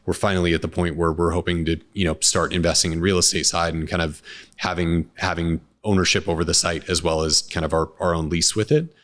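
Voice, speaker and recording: A man, a restaurant co-founder, talking casually in an interview, relaxed and rambling with many restarts. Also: low voice, brisk.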